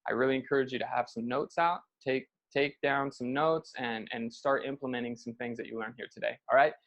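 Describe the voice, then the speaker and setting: A man's voice: mid-range voice, steady tone, brisk, fairly bright tone, lo-fi sound. A man hosting a recorded session, upbeat and encouraging as he introduces the upcoming training. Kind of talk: promotional introduction.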